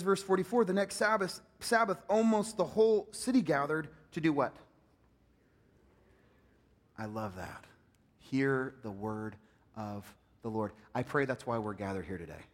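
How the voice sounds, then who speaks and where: A man with a high voice preaching a sermon from the pulpit of a church sanctuary. His delivery swings from loud, emphatic peaks down to soft, low asides. Long reverb trails each phrase through the hall. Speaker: pastor.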